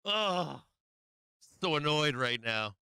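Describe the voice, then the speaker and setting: Guy venting on his trading stream, cussing nonstop, super clear dry mic. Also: on the high side, lively intonation, slow pace, bright, forceful tone, no echo. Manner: frustrated, swearing, venting, laughing to himself. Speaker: live stream trading host. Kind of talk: profane live trading stream chat.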